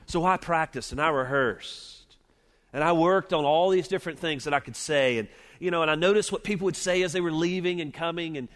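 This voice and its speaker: Man, middle-aged, Southern Alabama accent, earnest sermon, measured delivery, quiet on key points, raised pitch, long chapel reverb. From Mobile, Alabama, US Deep South. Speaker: preacher at a seminary chapel. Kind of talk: sermon with opening prayer.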